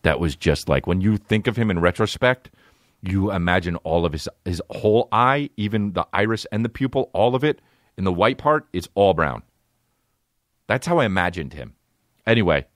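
A man's voice: low-pitched, expressive, normal speed, no room sound, clean studio sound. A man in his thirties hosting a comedy podcast, telling stories with constant swearing and acting out other voices. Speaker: podcast host. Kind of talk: profane comedic storytelling.

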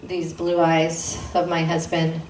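A woman telling a personal testimony at a church gathering, in an earnest way, acting out the dialogue with sudden jumps in pitch. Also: monotone, takes it slowly, a little mellow. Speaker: guest speaker sharing testimony. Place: intimate church gathering room. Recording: roomy sound from a distant mic, faint noise.

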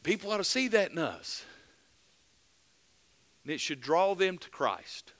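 A man preaching a fervent mid-week sermon as pastor, building to loud emphatic peaks and dropping back to earnest plain talk. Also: high voice, sing-song, unhurried. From United States.

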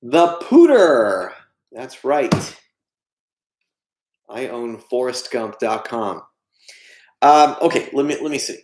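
Taking things slowly with long pauses, a man with a mid-range voice runs a livestream, reading chat aloud and replying with self-deprecating jokes. The sound echoes around the room.

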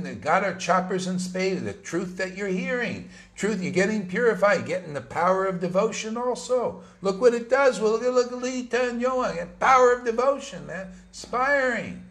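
A man's voice: high-pitched, fairly bright tone. A man giving an informal, emphatic sermon to his followers, talking conversationally with slangy asides. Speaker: spiritual teacher.

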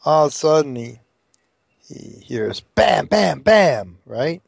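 A man spinning a long, rambling joke with lots of asides. His voice is lively and swings widely as he builds the story, sitting a bit high for a man. It is recorded dry and close. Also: takes it slowly, gravelly, breathy edge, no echo. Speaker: joke teller.

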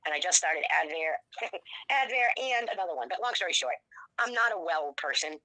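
Blunt, fast-talking woman in her sixties. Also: low voice, no echo, poor audio. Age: 60s. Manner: blunt, profane, animated storytelling. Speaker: interview guest. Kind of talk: candid interview.

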